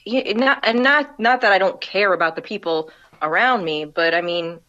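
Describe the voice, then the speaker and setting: A woman's voice: mid-range voice, moderate pace, bright, forceful tone, dull audio. A woman guest on a podcast, chatting in a laid-back way with many restarts. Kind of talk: casual chat.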